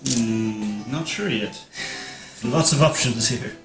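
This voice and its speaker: A man's voice: mid-range voice, takes it slowly, over music. A man playing a tabletop game, talking bluntly and casually. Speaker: player. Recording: echoey room.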